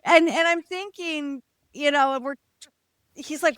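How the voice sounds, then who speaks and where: A high-pitched woman co-host tells a frank personal story and acts out quotes as she goes. Her voice is dry and close to the mic. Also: a little slow, no echo. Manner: animated, laughs, acts out quotes; candid, occasional swearing. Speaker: podcast co-host.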